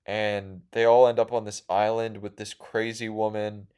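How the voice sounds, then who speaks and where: Young dude podcasting, rambly and sweary, gets all worked up. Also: male voice, fairly low pitch, moderate pace, clear, resonant tone. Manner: profane, rambling, excitable. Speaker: podcast host. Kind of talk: rambling storytelling.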